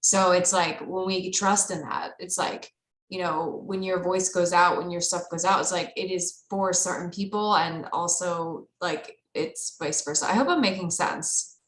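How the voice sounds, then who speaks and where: A woman's voice: on the low side, steady tone, unhurried. Rambling woman in an echoey room. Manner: rambling, filler-heavy, laughs easily. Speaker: group call participant. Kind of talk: casual group call chat. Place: online group video call.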